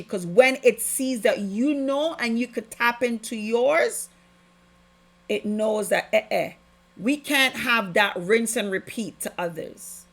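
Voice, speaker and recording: A woman hosting a podcast, giving an impassioned, preachy spiritual testimony with heavy emphasis. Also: mid-range voice. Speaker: podcast host.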